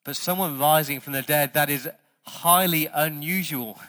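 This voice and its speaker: A man pastor preaching a sermon, stressing words loudly and then dropping to quiet asides. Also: fairly high pitch, normal speed. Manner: emphatic preaching, swings between loud stresses and quiet asides.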